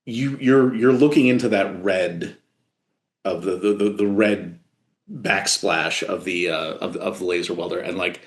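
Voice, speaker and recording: A man narrating as game master of a tabletop horror game, halting with many fillers and restarts. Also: low voice, echoey room.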